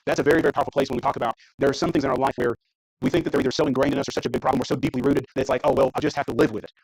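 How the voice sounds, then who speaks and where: A man preaching a casual, conversational sermon in church while showing mission trip photos, talking fast and often restarting his sentences. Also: medium pitch, fairly even intonation, dry recording, rough recording. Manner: fast, conversational, self-interrupting. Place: church sanctuary.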